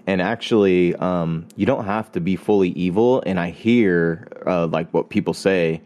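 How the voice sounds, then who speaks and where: A young man on a podcast explaining a game in a relaxed way, with lots of fillers. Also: deep voice, unhurried, highs cut off. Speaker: podcast co-host. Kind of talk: casual chat.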